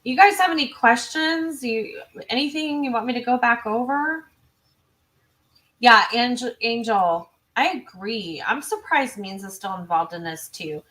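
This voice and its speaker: A woman hosting a true crime livestream, chatty and self-interrupting, reading viewer comments and adding quick asides. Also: fairly high pitch, animated, a bit bright. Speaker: true crime channel host. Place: home.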